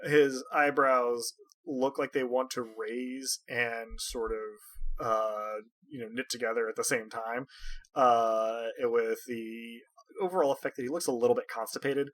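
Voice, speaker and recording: A man's voice: medium pitch, fairly even intonation, measured pace, a bit bright. A man narrating a tabletop game as game master, wry and dotted with hesitant fillers.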